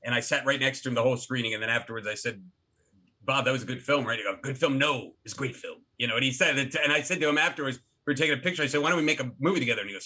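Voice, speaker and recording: A middle-aged man talks as a podcast guest, spinning stories and tumbling through quick restarts. His voice is bright and forceful, sitting at an ordinary pitch for a man. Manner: animated storyteller with many restarts. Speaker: guest, actor and filmmaker. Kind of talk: casual interview talk.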